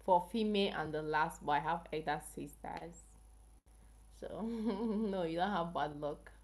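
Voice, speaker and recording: A woman's voice: fairly low pitch, a little slow, darkish tone. A woman from Africa hosting a casual health livestream, chatting with viewers and asking them questions. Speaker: health channel livestream host.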